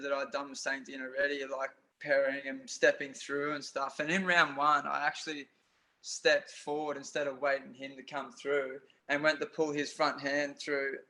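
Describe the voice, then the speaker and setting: A young Australian man, a Muay Thai fighter, telling stories in a casual podcast interview with lots of fillers. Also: mid-range voice. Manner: animated storytelling with frequent fillers.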